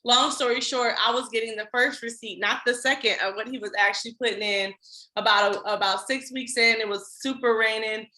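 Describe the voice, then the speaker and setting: A woman in her thirties telling her own story as a podcast guest, candid and animated, acting out her past self in quick asides. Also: a little high, roomy sound, rough recording. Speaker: podcast guest, trucking business owner.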